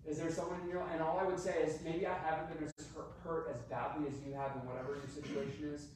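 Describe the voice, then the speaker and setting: Man, pastor, earnest sermon, slightly high voice, heavy echo, far from the mic. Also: flat delivery, fast, a little mellow, a little hiss or hum. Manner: earnest, repeats phrases, many restarts. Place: church sanctuary. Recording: echoey hall from a distant mic.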